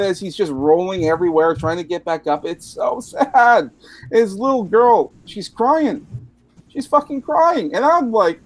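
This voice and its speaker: Man, drunk, from Canada, fairly high voice, profane rambling storyteller, podcast chat. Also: lively intonation, moderate pace. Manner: rambling, profane, laughing at his own story. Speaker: podcast host.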